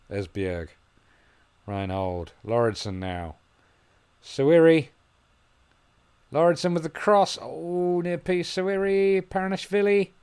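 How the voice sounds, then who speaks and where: A gaming video host with a lowish voice gives gameplay commentary on his football management game. He muses quietly over tactics, then bursts into excited commentary when chances arrive.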